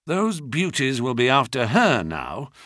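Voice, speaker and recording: A man reading an audiobook, voicing an injured male detective who mutters in a weak, hoarse, hushed voice. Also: wildly swooping pitch, a little slow, dry recording, clean studio sound, full character voice. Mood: quietly commanding. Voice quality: hoarse weak whisper-like murmur. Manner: low, quiet, muttered.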